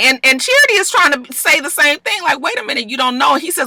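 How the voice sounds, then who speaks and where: A woman vlogger casually recapping a TV episode, animated and sassy, acting out the characters in different voices. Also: high-pitched, a little fast, no room sound.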